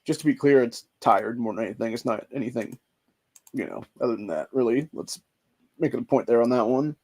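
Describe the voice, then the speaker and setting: A man's voice: mid-range voice, a little fast, darkish tone. A man in his forties venting in a rambling, profane monologue, emotional and stressed out. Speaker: vlogger.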